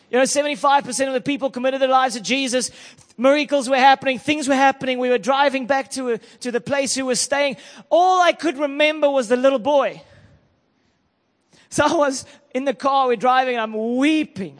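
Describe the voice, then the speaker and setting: A man preaching a sermon, telling an emotional story and building to loud declarations. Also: extremely high pitch, big-room sound.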